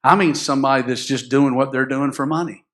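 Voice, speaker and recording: Bright-voiced preaching pastor. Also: male voice, medium pitch, fairly even intonation, brisk. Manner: storytelling, building to loud impassioned preaching; asks the congregation questions. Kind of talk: sermon.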